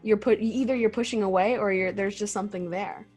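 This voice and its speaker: A woman with a husky, slightly breathy voice answers her guest in short, agreeing bursts. She sounds engaged and attentive, with light music faint in the background. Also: mid-range voice, steady tone, fairly quick, a little mellow. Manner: short affirming replies, laughs along. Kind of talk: listening with brief responses.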